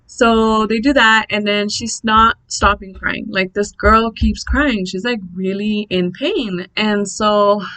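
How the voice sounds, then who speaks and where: A young woman telling a birth story in a casual, blunt, animated vlog, swearing freely. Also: medium pitch, slow, hardly any pauses, rough recording.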